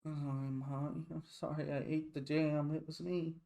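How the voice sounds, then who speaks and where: A man's voice: fairly high pitch, level tone, unhurried, gravelly, warm tone. A man voicing a feverish, dying little girl who whimpers and pleads in a childlike way. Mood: feverish pleading.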